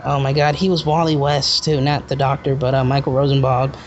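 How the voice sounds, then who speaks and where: A man hosting a casual podcast, joking and excitable, talking in loose rambling bursts. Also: medium pitch, fairly quick, slight background noise. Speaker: podcast host. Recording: muffled lo-fi recording.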